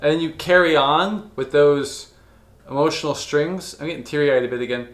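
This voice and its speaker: A man's voice: a little high, normal speed, roomy sound, over loud music. A man in his thirties or older giving casual reaction commentary as a video reviewer. He is profane and gushing, and rambles with restarts. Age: 30s or older.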